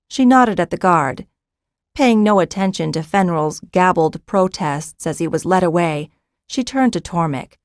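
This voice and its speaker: A woman narrating a fantasy audiobook in an even, measured reading. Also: fairly low pitch, dry recording, studio quality. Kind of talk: scripted narration.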